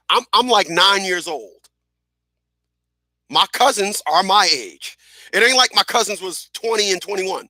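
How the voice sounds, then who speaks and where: Animated man telling stories in a dry studio. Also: high voice, a little slow, long pauses, no room sound. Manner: animated, repeats phrases, acts out quotes. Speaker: radio show host. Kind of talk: casual storytelling monologue.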